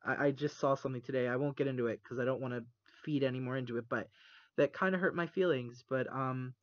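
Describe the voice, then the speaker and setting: A man's voice: medium pitch, dry recording. Earnest man on a muffled call. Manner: earnest, halting, near tears. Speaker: podcast co-host. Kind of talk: casual chat. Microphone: internet call. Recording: muffled dry call recording.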